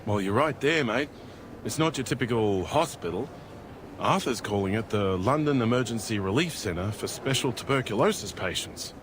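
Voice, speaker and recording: A man's voice: fairly low pitch, animated, normal speed, noisy background, close to an everyday voice. An actor playing an easygoing Australian man in a hat, who calls everyone mate. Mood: matter-of-fact.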